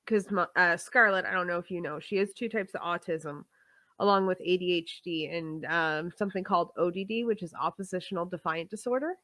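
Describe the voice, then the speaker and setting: A woman from Canada hosting a podcast in casual chat, relaxed and agreeable, often chiming in with short agreements. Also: on the low side, fairly quick, no room sound. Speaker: podcast host.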